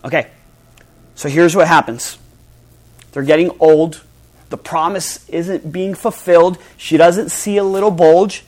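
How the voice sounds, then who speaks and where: A male pastor preaching a sermon to a congregation, swinging between loud emphasis and hushed, soft passages. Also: fairly high pitch, steady tone, a little slow, pauses often. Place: church hall before a congregation.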